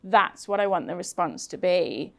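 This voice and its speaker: A woman's voice: lowish voice, moderate pace, vocal fry, fairly bright tone. A middle-aged woman with a Liverpool accent, speaking earnestly in a conversational panel talk and acting out what she tells her workshop members. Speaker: founder of a craft activism group, guest speaker.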